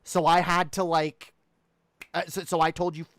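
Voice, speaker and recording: A man's voice: on the high side, level tone, moderate pace, a bit bright, no echo. A man streaming, ranting heatedly and swearing a lot. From Canada. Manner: heated, profane, repetitive. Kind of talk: ranting livestream talk.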